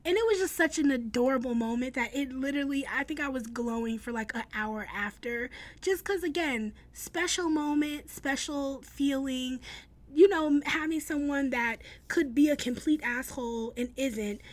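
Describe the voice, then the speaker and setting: A young woman blogger talks to her viewers in a loose, chatty way. She is upbeat, often restarts her sentences and leans on fillers. Her voice sits fairly high. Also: normal speed. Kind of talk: casual storytelling vlog.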